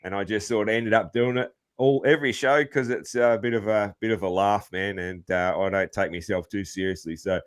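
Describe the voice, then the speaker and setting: A man's voice: on the low side, steady tone, a little fast, hardly any pauses, clear, resonant tone. A man hosting a podcast, chatting in a laid-back way and laughing often. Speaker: podcast host. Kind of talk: casual interview chat.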